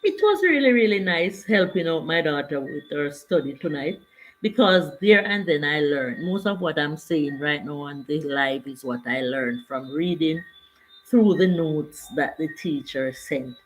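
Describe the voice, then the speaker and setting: A woman's voice: low voice, expressive, unhurried, a little hiss or hum, poor audio. An older woman, chatting casually on her livestream and greeting viewers by name. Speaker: livestream host.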